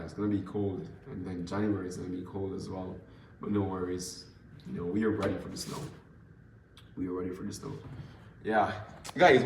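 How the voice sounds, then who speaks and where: A man's voice: on the low side, far from the mic, slight background noise. Rambling man chatting on a roomy stream. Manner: rambling, repeats words, talks straight to viewers. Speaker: livestream host. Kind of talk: casual live-stream chat to viewers. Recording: roomy sound from off-mic, faint ambience.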